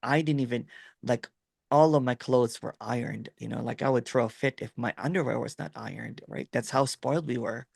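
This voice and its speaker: A man's voice: medium pitch, a little fast, creaky, a little mellow, slightly rough, no echo, clean studio sound. A middle-aged man from the Philippines with a Filipino accent, rambling through a story in casual video-call chat with lots of fillers and "right?". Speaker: host.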